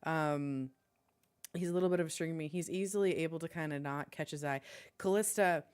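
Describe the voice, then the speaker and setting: A young woman running a tabletop game as game master, animated and often breaking into laughter. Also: sits low, a little fast, smooth.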